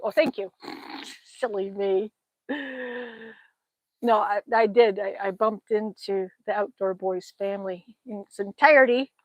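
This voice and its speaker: A talkative middle-aged woman hosting a casual phone livestream outside, her voice sitting a little high. She reads comments from viewers, thanks them warmly by name, and laughs often. The sound is close and dry with no room echo. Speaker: livestream host. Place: outdoors.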